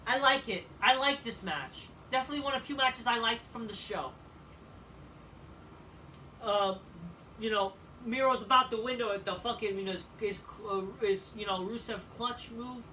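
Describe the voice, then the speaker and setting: A man giving a casual, rambling review of a wrestling show, swearing often and filling pauses with "like" and "you know.". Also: very high-pitched, bright, forceful tone. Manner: profane, rambling, with frequent fillers. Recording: distant mic with faint background noise.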